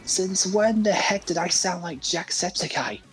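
With soft music in the background and poor audio, a high-voiced British guest gamer talks casually and a little slowly during play. He tends to stammer, doubling up on words when he gets going.

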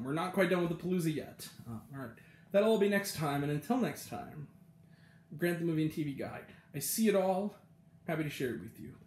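A young man reviewing a TV episode in a rambling, casual monologue, laughing often and acting out quotes. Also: high voice. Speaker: TV review vlogger. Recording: echoey room.

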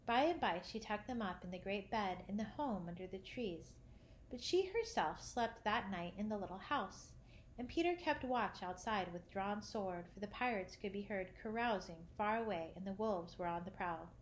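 A woman narrating a children's classic, reading gently and lifting her voice for the characters' lines. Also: medium pitch, lively intonation, normal speed, slight background noise. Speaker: audiobook narrator. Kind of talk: storybook reading.

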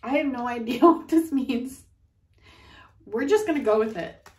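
High-voiced giggly woman reading tarot. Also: moderate pace, darkish tone. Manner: giggly, profane, frequently laughing. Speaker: tarot card reader. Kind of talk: casual channeled tarot reading. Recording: echoey room, far from mic.

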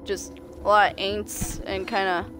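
A woman's voice: mid-range voice, measured pace, background noise. A woman with a slight Southern US accent, chatting through a live-streamed game and talking back to it. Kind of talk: live-streamed gameplay commentary.

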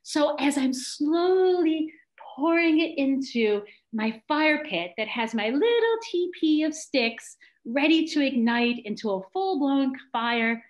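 A middle-aged woman telling a personal story on stage, animated and dramatic. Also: sits high, slow pace. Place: congregation hall on stage. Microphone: stage mic with feedback. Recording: echoey hall.

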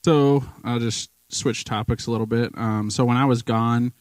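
A man's voice: mid-range voice, steady tone, normal speed, darkish tone, no room sound, poor audio. A man giving a casual, emotional sermon in a church, telling a story with lots of restarts and fillers. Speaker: guest preacher.

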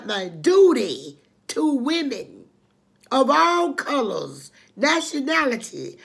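A woman's voice: high-pitched, fairly bright tone. An older woman hosting her own channel, telling her life story to the camera in an emotional, preachy way, calling listeners honey and repeating herself. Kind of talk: emotional personal testimony to camera.

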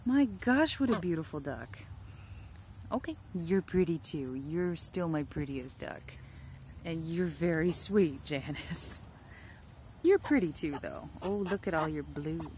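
A woman's voice: deep voice, expressive, slow, darkish tone, a little hiss or hum. A woman outdoors in her backyard, talking in a cooing, affectionate baby-talk way to her ducks while filming them on a handheld phone. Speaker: backyard duck keeper. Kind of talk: casual vlog talking to pets. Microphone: handheld phone camera.

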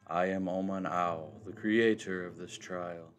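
A man voicing a solemn, humble old male monk, speaking deep, grave and formal while reading game dialogue aloud. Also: steady tone, unhurried, soft background music.

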